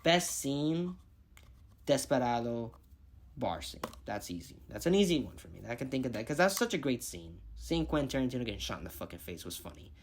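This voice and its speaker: A man's voice: medium pitch, big pitch swings, a little fast. A man giving a casual movie review vlog, rambling and thinking aloud, swearing freely as he picks his favorites.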